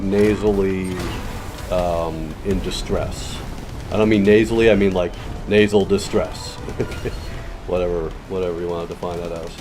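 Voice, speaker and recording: A man streaming a video game, muttering casual commentary with frequent swearing. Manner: muttering, swearing, low-key.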